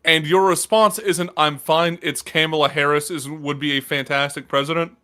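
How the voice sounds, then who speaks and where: Young guy on a podcast, bright sharp voice, lots of likes and uhs. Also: a little high, steady tone, clean tone. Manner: quick, filler-heavy. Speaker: podcast co-host. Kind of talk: casual chat.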